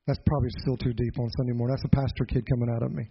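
A middle-aged pastor preaching a Sunday sermon, telling a childhood story in an earnest, folksy way with joking asides. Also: male voice, mid-range voice, little pitch movement, rapid-fire, creaky, slightly rough. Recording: dull lo-fi sound.

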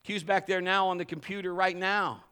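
A man's voice: high-pitched, steady tone, moderate pace, bright, forceful tone, smooth. A middle-aged man preaching a live sermon in a church, emphatic and building to fervent exhortation. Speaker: pastor. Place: church service.

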